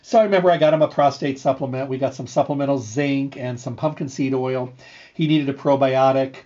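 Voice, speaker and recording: A middle-aged man hosting a health show, telling a story in an earnest, repetitive way with lively energy. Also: medium pitch, brisk. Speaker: radio show host and health food store owner. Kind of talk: casual storytelling monologue. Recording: slightly dull, lo-fi sound.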